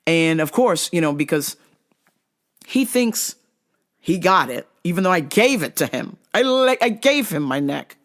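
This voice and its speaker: A speaker telling a story casually on a podcast, lively and profane, acting out the other people in it. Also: medium pitch, a little slow.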